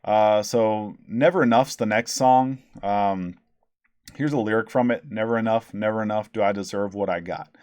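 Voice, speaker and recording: A man with a low voice rambles through a casual album review, sarcastic and profane, filling gaps with ums and restarts. The sound is dry and close to the mic, with no room around it. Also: moderate pace, darkish tone, clean tone, no room sound. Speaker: podcast host reviewing albums.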